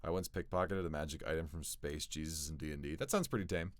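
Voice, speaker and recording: A man streaming live, chatting casually with his chat, jumping from loud excited bursts to low mumbles. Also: quick pace, no room sound.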